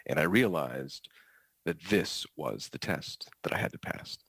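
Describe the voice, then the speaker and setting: A man's voice: rumbling low, expressive, measured pace, a bit bright, slightly rough, no room sound, rough recording. A man who is a teacher, telling a story from his classroom with dry, understated delivery. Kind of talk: storytelling performance.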